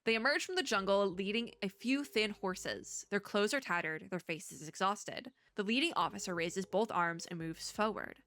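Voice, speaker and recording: A woman streamer with a bright, forward voice talks through a story game, reading lines aloud and trailing off into chatty asides. Her throat sounds strained, and she laughs often between thoughts. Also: mid-range voice, moderate pace, few pauses. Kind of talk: casual gameplay commentary and reading aloud.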